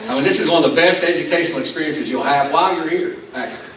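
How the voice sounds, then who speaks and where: A man's voice: on the high side, rapid-fire, noisy background. A man with an Appalachian Southern accent preaching a conversational sermon, telling rambling self-deprecating stories with many restarts. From Appalachian Kentucky. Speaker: pastor. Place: school venue used as church hall. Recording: echoey room from far off.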